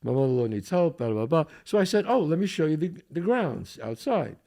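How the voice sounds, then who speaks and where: An older man spinning a story on a podcast, his voice gravelly and full of fry. His pitch jumps all over as he acts out each line of dialogue. He sits a bit above the usual male register. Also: a little fast. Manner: animated storyteller, acts out quotes, laughs a lot. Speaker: podcast host. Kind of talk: casual storytelling chat.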